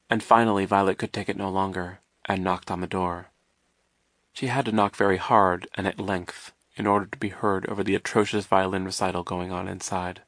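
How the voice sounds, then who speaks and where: A man with a lowish voice reads an audiobook in a wry, measured way. The recording is dry and close, with no room sound. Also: flat delivery, a bit bright, no room sound. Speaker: narrator. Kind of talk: audiobook narration.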